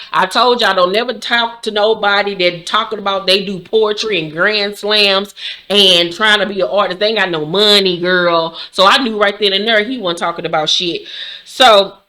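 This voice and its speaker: Hosting a profane, laid-back rundown of a reality show, this mid-range-voiced woman is sassy and blunt, animated, and prone to abrupt shrieking outbursts.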